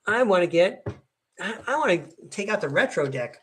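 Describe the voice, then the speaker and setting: A man's voice: high-pitched, big pitch swings, normal speed, noisy background. A middle-aged man giving a chatty, upbeat live tarot reading and speaking to viewers by name. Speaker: tarot reader hosting a live stream.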